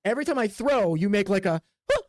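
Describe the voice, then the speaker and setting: A woman's voice: medium pitch, lively intonation, quick pace, darkish tone, dry recording, close to an everyday voice. Casting: woman playing a brash, wisecracking half-elf knife thrower, dry close sound. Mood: cocky. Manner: brash, sarcastic.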